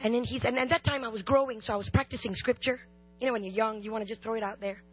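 A woman's voice: on the high side, steady tone, racing, slightly rough, faint music behind. A woman preacher giving a sermon with personal testimony, humorous and impassioned, talking straight to the congregation. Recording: dull lo-fi recording.

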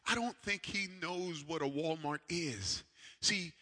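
A pastor delivers an animated sermon, moving between loud, emphatic calls and quiet, confiding asides. His voice sits a bit high for a man and cuts through with a very bright, sharp edge. A long hall reverb trails behind every phrase. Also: measured pace. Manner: animated preaching, swings from loud to hushed. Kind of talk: sermon with a personal story.

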